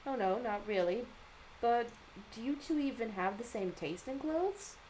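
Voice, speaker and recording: A curious young friend from a manga, voiced by a woman reading aloud who asks blunt, probing questions. The voice is fairly high and animated. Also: unhurried, a little hiss or hum, low-quality recording. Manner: questioning, straightforward.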